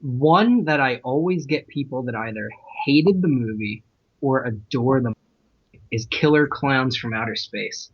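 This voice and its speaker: A man's voice: medium pitch, unhurried, slightly rough. A man on a podcast panel, talking in an easygoing, enthusiastic way. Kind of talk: casual roundtable chat. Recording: slightly muffled podcast audio.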